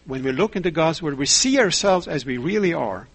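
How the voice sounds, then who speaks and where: A man preaching a sermon in a measured way, asking rhetorical questions and telling stories. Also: fairly high pitch, lively intonation, husky.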